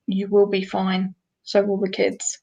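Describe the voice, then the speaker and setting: A woman's voice: medium pitch, monotone, a little slow, creaky, dark tone, lo-fi sound. A woman with a New Zealand accent giving card readings to viewers in a chatty, direct way, firing off rhetorical questions. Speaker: card reader. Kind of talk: live-stream card reading.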